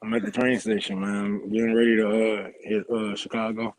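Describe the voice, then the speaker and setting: A man calling in from a train station, talking quietly and haltingly with many fillers. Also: fairly low pitch, little pitch movement, no room sound, poor audio. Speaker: guest calling in.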